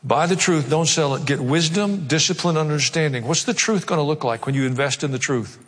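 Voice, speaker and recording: A pastor preaching a sermon, emphatic and conversational, repeating key phrases. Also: male voice, on the high side, brisk, fairly bright tone. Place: large church hall. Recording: long hall reverb.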